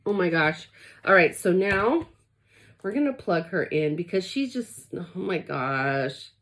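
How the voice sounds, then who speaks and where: A woman's voice: medium pitch, expressive, unhurried, fairly bright tone. A woman talking through an unboxing, gushing and emotional as she addresses her viewers directly. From Los Angeles area. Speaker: product consultant vlogger. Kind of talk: excited unboxing chat.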